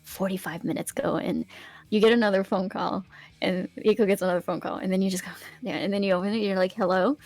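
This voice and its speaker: A woman's voice: medium pitch, steady tone, fast, a little mellow, soft background music. A woman guest telling a long, rambling story in casual conversation, with frequent restarts and giggles. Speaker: interview guest.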